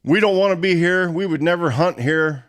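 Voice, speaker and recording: A man telling a hunting story in casual talk, animated and often laughing. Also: a little high, normal speed. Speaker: guest storyteller.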